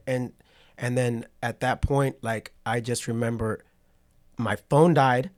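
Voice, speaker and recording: A podcast guest from Patterson, California, a man in his forties, tells a story at a measured pace in a medium-pitched voice. In this casual interview he animatedly performs what people said and keeps checking "right?"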